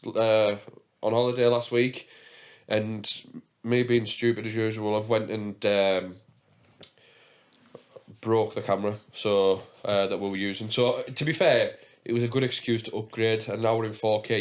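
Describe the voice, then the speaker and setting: A young man from England hosting a podcast, chatting casually and telling rambling stories full of fillers and swearing. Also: mid-range voice. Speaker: podcast host.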